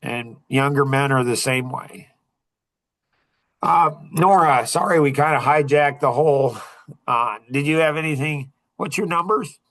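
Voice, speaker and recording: A middle-aged man hosting a podcast, telling a story in a casual, animated and heated way, with many restarts. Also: on the high side, a little slow. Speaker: podcast host.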